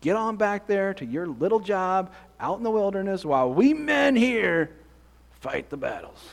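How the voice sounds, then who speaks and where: A bossy older brother, scornful and mocking, who talks down to his little brother in a high voice, as a preacher puts him on. The words ring out with a long church reverb behind them. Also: very animated, normal speed, vocal fry, exaggerated voice. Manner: mocking, belittling.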